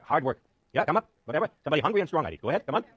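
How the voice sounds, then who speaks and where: A man's voice: on the high side, very fast, breathy edge, no echo, lo-fi sound. A man giving a university lecture with a live class demo, joking and teasing his students as he works through the numbers. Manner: joking, animated, self-mocking. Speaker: university professor. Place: lecture hall.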